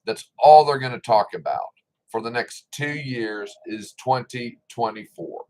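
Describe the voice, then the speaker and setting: A man's voice: medium pitch, lively intonation, unhurried, darkish tone, low-quality recording. A middle-aged man giving a casual opinion monologue, blunt and indignant, with sarcasm and swearing. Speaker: political commentator.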